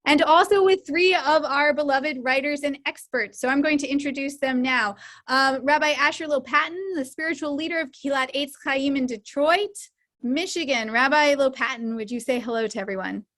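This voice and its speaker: Woman host, high pitch, video-call audio, friendly welcomes then careful, reflective explanation. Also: moderate pace, fairly bright tone. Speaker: host and editor. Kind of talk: hosting an online study celebration.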